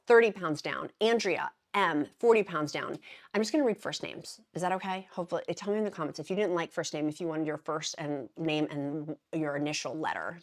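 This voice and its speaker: Chatty, giggly woman vlogger, lowish voice. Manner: chatty, giggly, warm and encouraging. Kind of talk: casual talk to camera.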